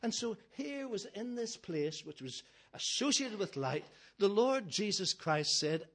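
Preacher, man, higher voice with a husky edge, emphatic and building through repetition. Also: very animated, unhurried, hardly any pauses. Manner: emphatic, builds with repeated phrases, gentle humour. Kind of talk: sermon.

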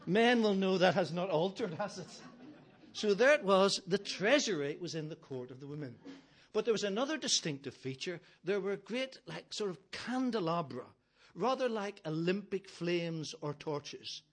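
Preacher, man, higher voice with a husky edge, emphatic and building through repetition. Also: lively intonation, moderate pace. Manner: emphatic, builds with repeated phrases, gentle humour. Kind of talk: sermon.

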